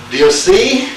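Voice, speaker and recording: A man teaching a Greek class, lecturing slowly and quizzing his students as he goes. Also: high-pitched, a bit bright. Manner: slow, deliberate, asks the class questions. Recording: echoey room, speaker far from mic, faint hiss.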